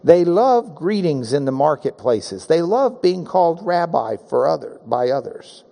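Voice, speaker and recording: A man's voice: on the high side, sing-song, measured pace, vocal fry, warm tone. A man preaching a sermon, emphatic and engaging his listeners with questions and call-and-response, with touches of self-deprecating humor.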